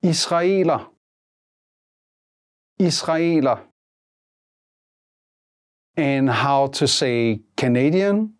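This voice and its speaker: Slow, measured language-lesson voice. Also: medium pitch. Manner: slow, measured prompts, repeating each word twice. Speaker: language teacher.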